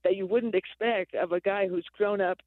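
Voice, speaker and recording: High-voiced man on a phone line. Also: fairly even intonation, moderate pace, dry recording. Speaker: radio guest discussing a novel. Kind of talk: discussing a book and reading passages aloud.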